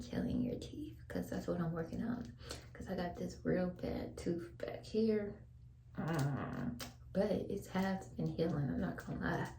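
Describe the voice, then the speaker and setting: A woman's voice: fairly low pitch, gravelly, echoey room, background noise. A young woman, whispering a laid-back, chatty vlog at home while she brushes her teeth and washes her face. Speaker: vlogger. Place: home bathroom.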